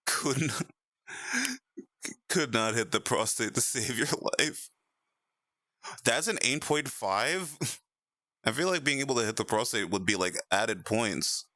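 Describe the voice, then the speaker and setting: A young man streaming in VR, chatting casually with viewers, animated and laughing often. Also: fairly low pitch, a little slow, long pauses, dry recording, studio quality. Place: VR chat stream at home.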